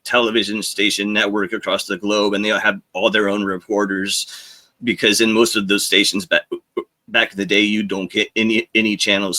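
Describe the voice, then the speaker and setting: A man with a bright, forceful voice tells stories in a loose, rambling way. He jumps into quoted lines and laughs as he goes, like a guest chatting on a podcast. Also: lowish voice. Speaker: podcast guest, former Navy journalist. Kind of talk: casual storytelling.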